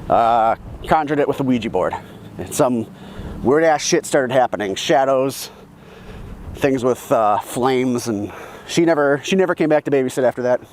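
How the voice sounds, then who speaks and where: A man's voice: mid-range voice, lively intonation, moderate pace, darkish tone, a little hiss or hum. A man telling childhood stories in a casual vlog, rambling and profane, correcting himself as he goes, first outdoors and then in his car. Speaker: vlogger.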